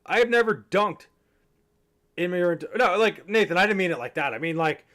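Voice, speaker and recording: A man's voice: high voice, animated, normal speed, bright, forceful tone. A young man on a livestream, chatting casually, rambling and swearing, a little tipsy. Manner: rambling, profane, joking. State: a bit tipsy. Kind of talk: casual chat to stream chat.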